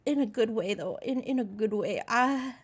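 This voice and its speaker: A woman's voice: on the high side, normal speed. A woman streaming live and chatting with viewers, gushing and slangy, teary as she holds back happy tears. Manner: gushing, slangy, says dude and bro a lot. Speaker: VTuber streamer.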